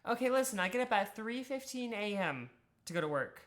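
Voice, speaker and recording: A woman's voice: fairly high pitch, lively intonation, fairly quick. A young Australian woman streaming a game, chatting casually, swearing freely and laughing often. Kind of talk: casual chat while gaming.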